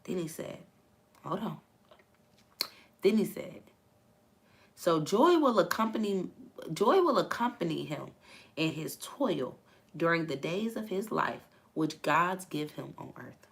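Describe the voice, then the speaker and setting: Woman, gravelly low voice, laid-back livestream Bible chat with viewers. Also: sing-song, slow pace, pauses often. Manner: laughing, chatty, reads viewer comments aloud. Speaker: livestream host reading the Bible. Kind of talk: casual live chat with viewers.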